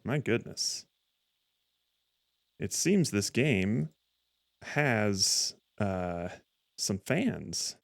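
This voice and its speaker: A man's voice: on the low side, very animated, drawn-out words, gravelly, pauses often, no echo, clean studio sound. A man streaming a game, rambling and correcting himself as he stumbles over words. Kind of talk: casual gameplay commentary.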